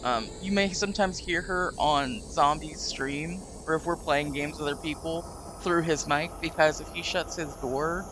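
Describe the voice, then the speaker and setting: A woman's voice: low-pitched, fairly even intonation, normal speed, noisy background. A woman hosting a casual live stream, giggly and effusive. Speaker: streamer host.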